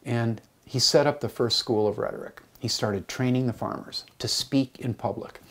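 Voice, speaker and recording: A middle-aged man lectures in a storytelling way. His voice is husky, with a middle pitch. He jokes along and acts out bits of dialogue. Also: normal speed. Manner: lively and joking, with hammy voiced asides. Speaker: college teacher.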